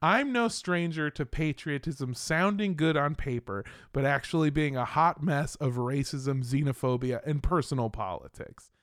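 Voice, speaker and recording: An American man narrates history on a casual comedy podcast, throwing in crude jokes and asides. His voice is smooth and resonant, sitting a little high. The recording is dry and close. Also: normal speed, hardly any pauses, a bit bright, dry recording. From United States. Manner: irreverent, swearing, jokey asides while narrating.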